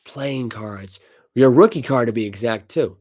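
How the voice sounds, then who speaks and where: A man co-hosting a casual sports podcast, ranting with animated energy and stumbling as he reads news aloud. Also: medium pitch, unhurried. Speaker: podcast co-host.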